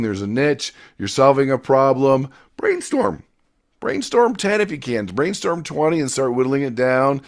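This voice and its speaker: A man teaching a motivational business class, energetic and storytelling, with loud emphatic bursts and quiet asides. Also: a little high. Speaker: success coach.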